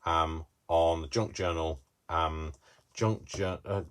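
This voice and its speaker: A man's voice: sits low, fairly even intonation, slow, a bit bright. A man hosting a live craft tutorial in a small craft room, rambling with jokey, self-deprecating asides.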